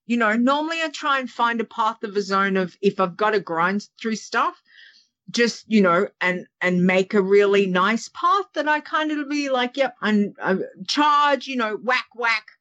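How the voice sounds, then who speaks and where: A woman's voice: a little high, lively intonation, moderate pace, a bit bright. A woman in a casual podcast chat, rambling and chatty, restarting her sentences and adding asides. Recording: dull lo-fi audio.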